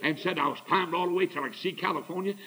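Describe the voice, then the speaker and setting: A man's voice: high-pitched, quick pace, pushed and bright, poor audio. A man quoting an older preacher's exultant testimony in his own voice.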